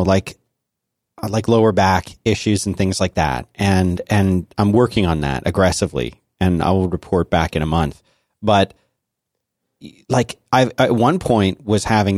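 Guy in his 30s telling stories about his kids, low voice, dry close mic. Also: no echo. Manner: animated storyteller, acts out family voices. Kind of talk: casual chat.

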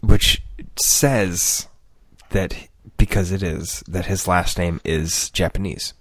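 Low-voiced man telling a rambling story. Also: steady tone, slow pace, fairly bright tone, breathy edge, dry recording. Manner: rambling, laughs often, acts out quoted voices. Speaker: podcast co-host. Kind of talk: casual storytelling chat.

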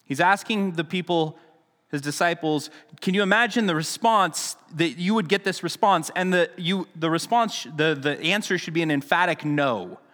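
A man's voice: a little high, moderate pace, fairly bright tone, long reverb tail. A man preaching a sermon in a casual, conversational teaching style, with frequent restarts and asides. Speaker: pastor.

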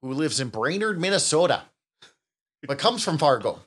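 A man hosting a podcast in casual chat, loose and quick to laugh, swearing freely as he tells family stories. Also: a little high, sing-song, fairly bright tone, husky. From Upper Midwest of the United States. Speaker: podcast host.

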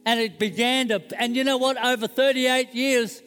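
High-voiced pastor preaching. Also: male voice, fairly even intonation, normal speed, fairly bright tone, in a large hall, faint music behind. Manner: conversational and joking, checks in with the audience. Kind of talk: sermon.

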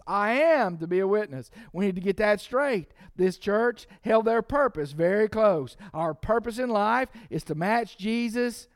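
A man's voice: high-pitched, no room sound, clean studio sound. A man preaching a sermon as pastor, emphatic and repeating key lines for the congregation to say with him.

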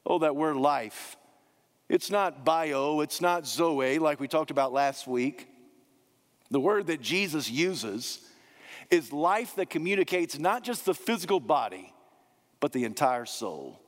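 Emphatic high-voiced male preacher. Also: lively intonation. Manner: emphatic, slows down and repeats key phrases. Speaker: pastor. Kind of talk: sermon. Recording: long hall reverb.

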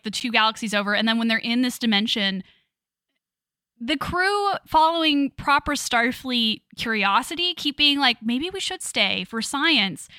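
A young adult woman co-hosting a podcast in casual chat, amused and quick to joke. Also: a little high, bright, forceful tone, no room sound, clean studio sound. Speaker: podcast co-host.

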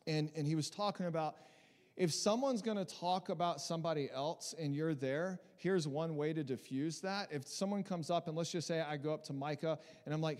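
High-voiced pastor preaching in a reverberant hall. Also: male voice, fairly quick. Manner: conversational and animated, with many restarts and mimicking voices. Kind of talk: sermon.

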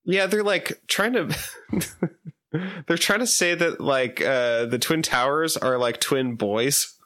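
A man's voice: on the high side, takes it slowly, sharp tone. A man co-hosting a podcast in casual chat, rambling with many fillers and giggles. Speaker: podcast co-host.

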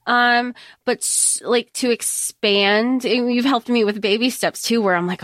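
A woman's voice: on the high side, steady tone, moderate pace, hardly any pauses, a bit bright, no echo, clean studio sound. A woman co-hosting a podcast in casual chat, talking in a chatty, rambling way with many asides. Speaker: podcast co-host.

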